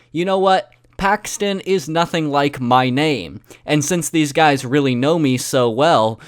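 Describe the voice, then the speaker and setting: Young guy vlogging, deadpan sarcastic story, kinda high voice, dry mic. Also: smooth, dry recording. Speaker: YouTuber. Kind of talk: casual storytelling vlog.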